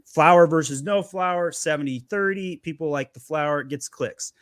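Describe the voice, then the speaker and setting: A man who runs an agency gives energetic, emphatic selling advice in a webinar conversation, often repeating words as he starts. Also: a little high, moderate pace, dry recording, studio quality. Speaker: agency founder sharing Amazon selling advice.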